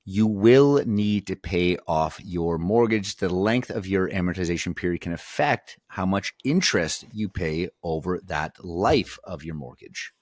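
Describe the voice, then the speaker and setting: A man co-hosting a podcast in casual discussion, relaxed and joking, often opening with "yeah, I mean". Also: sits low, measured pace, hardly any pauses, dry recording, studio quality. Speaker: podcast co-host.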